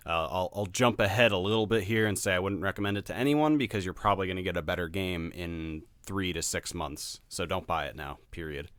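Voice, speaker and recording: A man co-hosting a podcast in casual chat, blunt and quick to laugh. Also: low voice, a bit bright, dry recording. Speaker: podcast co-host.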